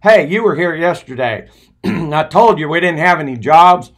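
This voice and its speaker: A man voicing a gruff male radio station manager who talks curtly and impatiently. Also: a little high, animated, moderate pace, voice pushed up. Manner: curt and brusque.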